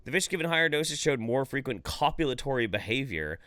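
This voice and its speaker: A man's voice: medium pitch, very animated, brisk, a bit bright, smooth, no echo, studio quality. A man co-hosting a live-streamed podcast, reading news aloud in casual, profane, rambling chat. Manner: profane, laughing, loose and rambling. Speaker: podcast co-host.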